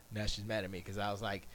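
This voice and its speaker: A man talking casually to his stream from his home studio, rambling and muttering to himself, drifting between loud and hushed. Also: lowish voice, little pitch movement, quick pace. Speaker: live streamer.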